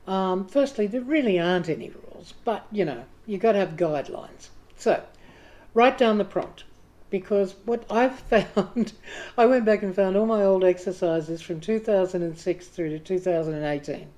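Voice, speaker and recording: A woman's voice: medium pitch, moderate pace, dark tone. A woman hosting a writing group, talking casually and chattily to the camera with self-deprecating asides. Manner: chatty, self-deprecating, acts out quoted inner voices.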